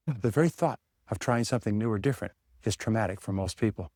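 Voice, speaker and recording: A man giving a motivational seminar talk to a live audience. He speaks emphatically, asks rhetorical questions, repeats key phrases, and leaps up in pitch on the lines he stresses. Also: lively intonation, quick pace, a little mellow, husky, dry recording, studio quality.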